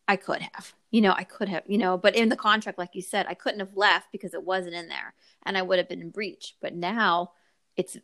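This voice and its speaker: Woman telling a lively podcast story. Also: on the low side, a little fast. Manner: animated storytelling, acts out quoted people. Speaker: wedding photographer. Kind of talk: casual podcast chat.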